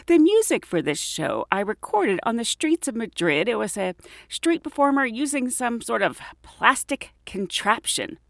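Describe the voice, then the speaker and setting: Animated, chatty woman podcast host. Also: on the high side, normal speed, gravelly. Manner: chatty, laughs often, acts out quotes. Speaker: podcast host and flight attendant. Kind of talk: casual storytelling podcast.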